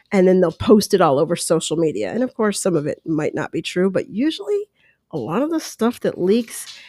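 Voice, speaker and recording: A podcast host talks through her views in a relaxed, conversational solo commentary, using asides and quoted voices. She has a medium-pitched, slightly mellow voice. She's in a room at home on headphones and a close mic, and the audio is studio quality with no echo, apart from a dog lapping water nearby.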